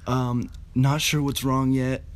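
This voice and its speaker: A young man cracks jokes and teases his co-host during casual podcast banter. He laughs often and chimes in with quick remarks. His voice has an average pitch for a man. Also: level tone, clean tone. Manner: teasing, laughing, joking interjections.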